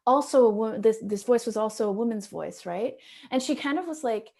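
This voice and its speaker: A woman's voice: fairly high pitch, a little fast, creaky, hardly any pauses, mellow. Woman educator sharing a classroom story. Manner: thoughtful, frequent fillers and restarts. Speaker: educator presenting at a seminar. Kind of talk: conference presentation.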